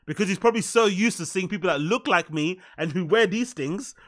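A man's voice: sits high, fairly quick, fairly bright tone. A man with a London accent giving blunt, sarcastic reaction commentary. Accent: London English. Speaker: commentary streamer.

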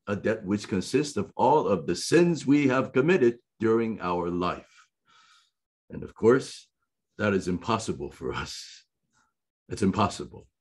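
A man preaching a sermon, reading scripture verse by verse and explaining it with deliberate emphasis and repetition. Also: on the low side, darkish tone, breathy edge.

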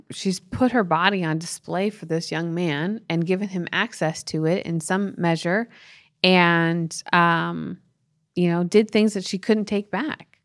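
A woman's voice: fairly low pitch, no room sound, studio quality. A woman in her forties co-hosting a parenting podcast, telling a painful family story in an earnest, tender way with many "you know" fillers. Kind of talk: emotional personal story on a podcast.

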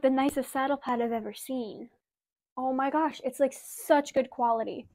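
High-voiced young woman gushing excitedly. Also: moderate pace. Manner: gushing, excitable, many "like" and "oh my gosh". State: slightly out of breath. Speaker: vlogger. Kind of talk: casual unboxing vlog. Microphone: wireless mic.

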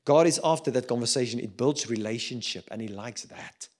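A middle-aged man with a South African accent preaching a sermon, swinging between loud urging and quiet reflection. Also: mid-range voice, a little fast. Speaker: pastor.

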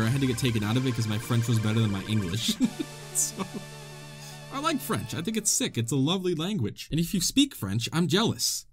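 Excitable young man with a lively voice. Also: fairly high pitch. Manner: excitable, dramatic, jokey yelps and groans. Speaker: gaming channel host. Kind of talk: let's play commentary.

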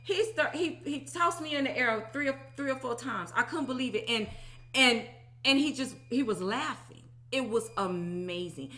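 A woman in her thirties giving an animated, emphatic personal testimony, often asking "okay?". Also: a little high, moderate pace. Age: 30s. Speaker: religious teacher.

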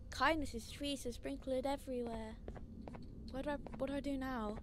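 A gaming streamer with a high-pitched voice plays a horror game in a let's play, talking a little fast over slight background noise and loud game music. She's jumpy, often startled into shrieks, and softly coaxes and pleads with a companion.

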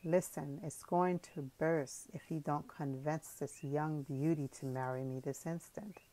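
A low-voiced grown son, voiced by a woman narrator in an audiobook, joking and teasing in a hushed, strained way. Deep, quiet and unhurried. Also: fairly even intonation.

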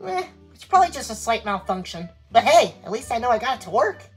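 A man voicing Tails, a young fox boy sidekick and cheerful inventor who is excitable and quick to panic, in a fan plush video. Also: extremely high pitch, breathy edge, soft background music, heavily acted. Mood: amused.

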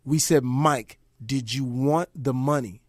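A man in his forties, a guest telling stories on a radio show with lively impressions and shouted punchlines. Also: medium pitch, slow, no echo, studio quality. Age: 40s. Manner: animated, does voices and shouts in his stories. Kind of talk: casual storytelling with impressions.

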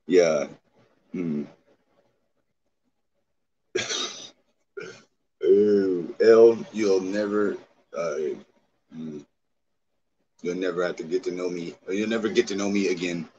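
A man livestreaming in casual chat, profane and excitable, reacting to his chat. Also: deep voice, slow, long pauses. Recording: dull lo-fi stream audio, faint noise.

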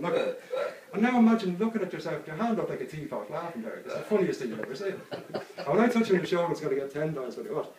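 A man's voice: fairly high pitch, lively intonation, quick pace, a crowd in the background. Coaxing man hypnotizing someone on the street. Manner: coaxing, repetitive, chuckles at the subject. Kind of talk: hypnotic suggestion patter. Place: outdoors on a street. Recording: roomy, distant mic with faint background noise.

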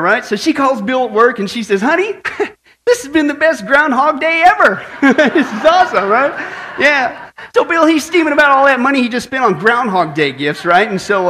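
A man preaching a sermon, opening with a long joke and then turning to teaching, tagging many lines with "right?" to draw in the congregation. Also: very high-pitched. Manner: animated storyteller, tags lines with "right?". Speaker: pastor.

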